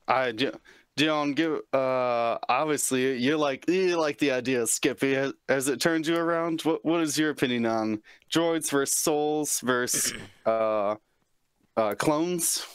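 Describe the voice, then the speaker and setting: A man co-hosting a casual podcast, halting and searching for words. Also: mid-range voice, smooth, no echo, clean studio sound. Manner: slow, halting, loses his train of thought. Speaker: podcast co-host.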